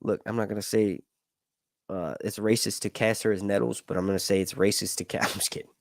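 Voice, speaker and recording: A young man hosting a casual live stream, chatting with viewers in a jokey, animated way and swearing casually. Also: lowish voice, fairly quick, no room sound, studio quality. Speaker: YouTube host reading viewer chat.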